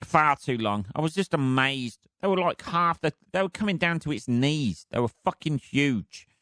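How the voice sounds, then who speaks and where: A man's voice: a little high, animated, moderate pace, pushed and bright, no room sound, studio quality. A man hosting a solo podcast, rambling casually with heavy swearing and chuckles. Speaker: podcast host.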